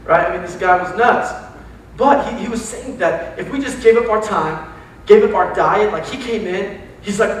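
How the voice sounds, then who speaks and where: A young man with a Texan accent preaching a casual, joking sermon to young adults, telling animated stories with slang. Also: sits high, normal speed. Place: large church hall. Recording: very echoey hall, distant mic, faint hiss.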